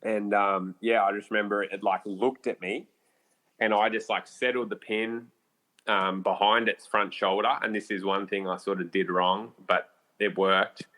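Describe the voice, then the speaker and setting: Australian man, podcast guest, fairly deep voice, animated storyteller, salty and casual. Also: normal speed. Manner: animated, casual swearing, many fillers.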